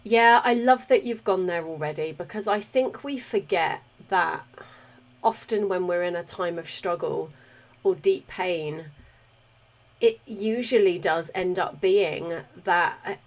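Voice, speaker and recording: A woman's voice: on the low side, unhurried. A British woman hosting a podcast interview, chatty and enthusiastic, laughing easily. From Britain. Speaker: podcast host.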